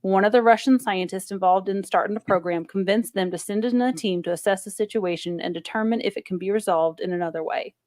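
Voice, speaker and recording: A woman reading a stern male general running a briefing, in an even, everyday voice with a dry, close sound. It is a casual podcast read-through of a script, with no character voice put on. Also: medium pitch, fast, few pauses, dry recording, lightly acted. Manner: plain script read-through in her own voice.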